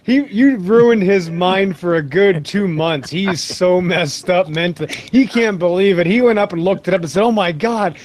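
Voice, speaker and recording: Man with a high voice, teasing and quick to laugh in casual chat. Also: a little mellow, no echo.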